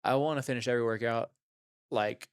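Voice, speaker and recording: A man in the middle pitch range co-hosts a podcast recorded in a gym. He rambles animatedly, with lots of filler words and the odd curse. The sound is dry and close-miked. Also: brisk, clear, resonant tone, no echo. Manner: animated, swearing, rambling with many "like"s. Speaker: podcast co-host. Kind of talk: casual chat.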